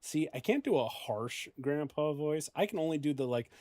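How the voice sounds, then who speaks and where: A streamer chatting casually while playing, relaxed, self-mocking and quick to laugh. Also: medium pitch, no echo. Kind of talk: casual gaming stream chat.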